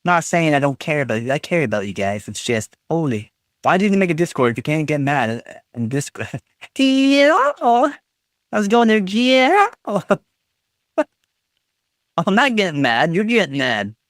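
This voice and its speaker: A man hosting a live stream, bantering and teasing his chat in a lively, swooping voice that still has a slow, unhurried pace. The sound is close and dry, with no room echo. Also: fairly high pitch. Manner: reads chat messages aloud and reacts.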